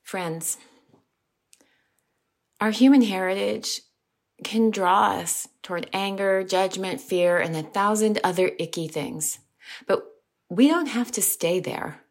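A middle-aged American woman reading the gospel and preaching a short sermon in a slow, measured, gentle way. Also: mid-range voice. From United States.

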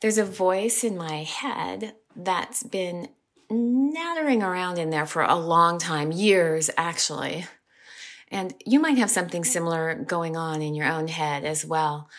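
A middle-aged American woman reading the gospel and preaching a short sermon in a slow, measured, gentle way. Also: lowish voice. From United States.

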